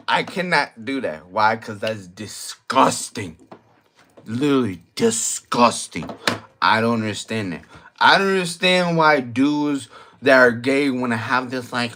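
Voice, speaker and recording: A man's voice: medium pitch, a little slow, background noise. A young man, tipsy from drinking, rambling through a crude, slang-heavy late-night monologue and repeating his points. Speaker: vlogger.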